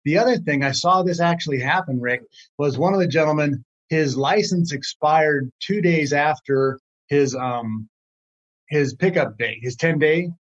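A man's voice: a little high, measured pace, lo-fi sound. Man hosting a talk radio show. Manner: conversational, jokey, recaps points for listeners.

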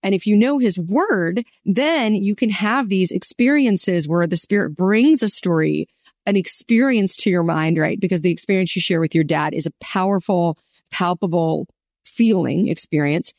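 A woman's voice: lowish voice, normal speed, darkish tone, no echo, clean studio sound. A woman hosting a faith interview, enthusiastic and teacherly, often affirming her guest. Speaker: podcast host.

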